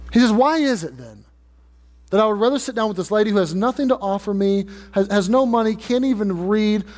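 A male pastor delivers an earnest sermon, his voice sitting high and pressing hard on repeated phrases. The sound carries the long reverb of a church sanctuary. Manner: earnest preaching, rising emphatic repetition.

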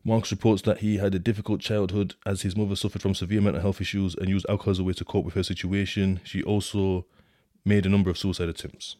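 A man's voice: little pitch movement, fast, warm tone, dry recording, studio quality. A man, talking through his prison experiences in a rambling, casual monologue full of slang and fillers, now and then reading from a report. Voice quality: deep voice. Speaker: podcast host telling his prison experiences.

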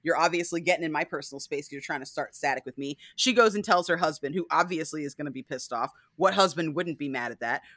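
A woman's voice: sits low, fast talker, few pauses, a bit bright, no echo, clean studio sound. A woman in casual chat, heatedly recapping a show with a lot of swearing and acted-out quotes. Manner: heated, profane, acts out quotes.

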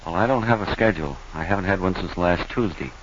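A man's voice: low-pitched, fast talker, noisy background. A man doing mock play-by-play announcing on a 1940s radio comedy, with earnest patter and dry replies. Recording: dull old radio broadcast recording.

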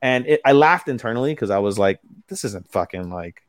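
Low-voiced man recapping anime casually. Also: expressive, brisk, dry recording, clean studio sound. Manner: loose, profane plot recapping with many fillers. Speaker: podcast co-host. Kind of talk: casual anime review chat.

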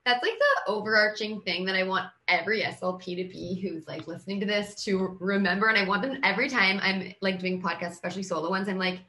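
A woman hosting a casual podcast interview, talking fast and chatty and laughing easily. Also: mid-range voice, sharp tone, reverberant. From Canada. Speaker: podcast host.

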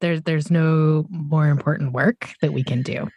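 A woman's voice: low-pitched, steady tone, a little slow, breathy edge, highs cut off. A woman hosting an interview podcast, effusive and chatty, with frequent fillers. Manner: warm and effusive, with many fillers. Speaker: podcast host. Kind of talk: casual interview conversation.

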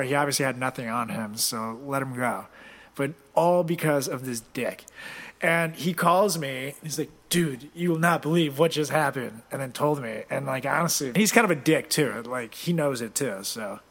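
Young man, slightly high voice, crude, swearing, casual storytelling. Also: measured pace, fairly bright tone. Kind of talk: casual chat.

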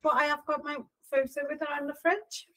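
A woman's voice: high voice, flat delivery, bright, forceful tone, dry recording. A woman co-hosting a podcast, telling stories in a chatty, casual way with lots of fillers. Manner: chatty storyteller, quick fillers and quoted asides. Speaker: podcast co-host. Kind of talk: casual chat.

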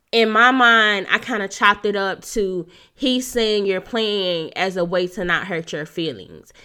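Bright, chatty stuffed-up young woman. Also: mid-range voice, smooth. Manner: chatty, laughs often, says "you know" a lot. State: stuffed-up nose. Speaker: podcast host giving dating advice. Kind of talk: casual solo talk.

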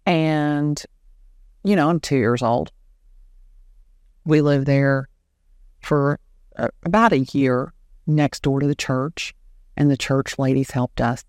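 A middle-aged woman, an animated storyteller who acts out the dialogue she quotes. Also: extremely low pitch, slow pace, pauses often, dry recording, clean studio sound. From Southern US. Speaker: guest, real estate agent. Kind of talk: storytelling in an interview.

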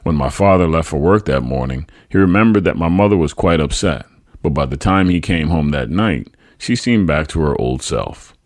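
A man's voice: a bass voice, expressive, moderate pace, no echo, clean studio sound. A man narrating a family memoir as a podcast host, telling it dramatically and acting out the quoted lines. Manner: dramatic storytelling, voices quoted speech loudly. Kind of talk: memoir reading.

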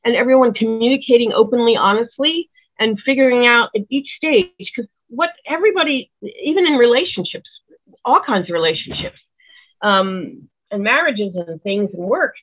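A woman's voice: on the high side, normal speed. A woman musician giving rambling, earnest advice in casual chat, heard over a tinny phone-like line. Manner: rambling, earnest, many restarts. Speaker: musician guest.

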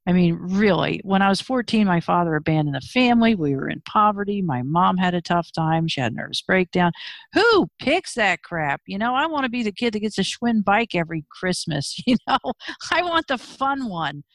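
A woman's voice: mid-range voice, sing-song, moderate pace, no echo. A woman guest telling a personal story in a frank, emotional way with wry humor. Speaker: interview guest.

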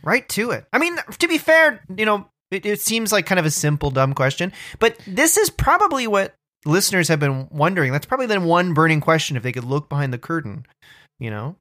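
A man's voice: high-pitched, fairly quick, no echo, clean studio sound. A man co-hosting a comedy podcast, teasing and boasting in casual banter. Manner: teasing, deadpan boasting, lively. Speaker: podcast co-host.

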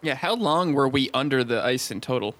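A man's voice: medium pitch, lively intonation, fairly quick, fairly bright tone. A man playing in a tabletop game, talking casually and often laughing. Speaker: player.

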